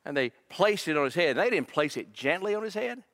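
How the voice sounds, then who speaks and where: A man's voice: on the high side, big pitch swings, brisk, fairly bright tone. A male pastor preaching a sermon in a church, dramatic and emphatic, repeating words as his intensity builds. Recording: long reverb of a large hall.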